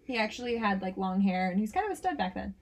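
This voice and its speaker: A woman's voice: medium pitch, sing-song, quick pace. A woman co-hosting a podcast, chatting casually about a film and laughing often. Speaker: podcast co-host. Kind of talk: casual chat.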